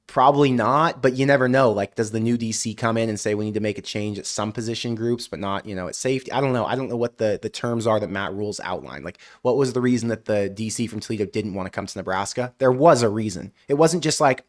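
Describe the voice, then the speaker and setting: A man hosting a live college football stream, reading viewer comments aloud and answering with animated rants. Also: lowish voice, fast, hardly any pauses. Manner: ranting, animated outbursts; frequent "I don't know" hedging. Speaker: college football show host.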